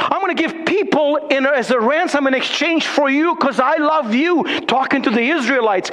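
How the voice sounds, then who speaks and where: High-voiced man preaching in a hall. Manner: impassioned preaching, swinging from high urgent peaks to slow low hushed phrases. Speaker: pastor. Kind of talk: sermon. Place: church sanctuary. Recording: long hall reverb.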